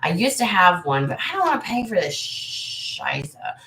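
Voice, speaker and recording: This American woman, a tarot reader who runs her own channel, holds a casual livestream chat with viewers, wandering between topics, candid and free with swear words. Her medium-pitched voice is sing-song at a normal speed, heard with reverb and background noise.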